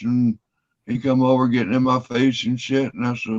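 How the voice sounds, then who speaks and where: A man's voice: mid-range voice, flat delivery, normal speed. A man telling a long story in casual chat, rambling and swearing freely. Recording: dull lo-fi audio.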